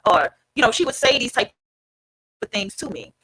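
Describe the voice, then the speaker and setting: A woman's voice: on the high side, big pitch swings, normal speed, pushed and bright, slightly rough, no echo, rough recording. A woman hosting an online podcast, talking casually and emphatically to her listeners and swearing freely. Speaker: podcast host. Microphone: streamed online podcast.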